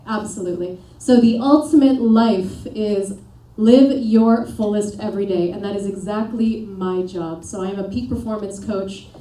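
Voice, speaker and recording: A woman working as a performance coach, giving an energetic motivational seminar and pushing the audience with questions and commands. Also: mid-range voice, moderate pace, few pauses. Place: seminar room with a live audience. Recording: echoey room, voice picked up from a distance.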